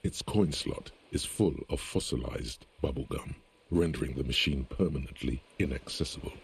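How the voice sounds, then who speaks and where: A man giving scripted narration for a video game, in a measured tone. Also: rumbling low, heavily acted. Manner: gravelly, measured. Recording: game audio over the stream, faint music.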